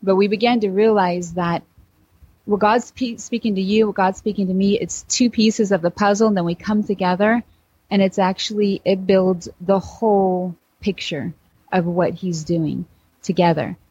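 A woman's voice: mid-range voice, fairly even intonation, moderate pace, mellow, husky, lo-fi sound. A woman guesting on a podcast, speaking thoughtfully and searching for words. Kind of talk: casual podcast chat.

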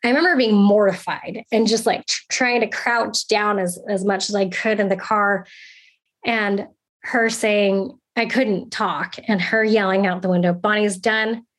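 Young adult woman, storytelling, earnest, reflective, halting delivery. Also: mid-range voice, steady tone. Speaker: storyteller sharing a personal experience. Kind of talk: personal storytelling.

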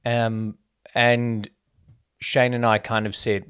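A man's voice: medium pitch, flat delivery, slow pace, fairly bright tone, smooth. A man co-hosting a casual film review podcast, talking in a chatty way. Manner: chatty, quotes people in mock voices. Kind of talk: casual chat.

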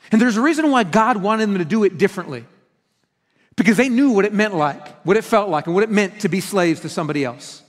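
A man preaching a sermon as pastor, earnest and teaching, with emphatic stresses. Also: sits high. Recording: reverberant hall.

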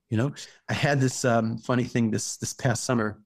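A rabbi talking through parenting advice in a casual podcast chat, halting and restarting his words often. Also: medium pitch, fairly even intonation, no room sound.

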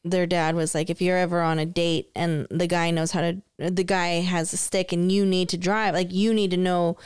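Woman on a podcast, lowish smooth voice, super dry mic, just chatting. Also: level tone, normal speed, dry recording. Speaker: podcast co-host. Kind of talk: casual chat.

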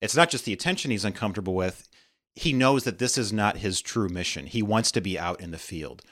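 Low-voiced agreeable male podcast guest. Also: lively intonation, fairly quick, fairly bright tone. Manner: agreeable, describes scenes in detail. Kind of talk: conversational podcast discussion.

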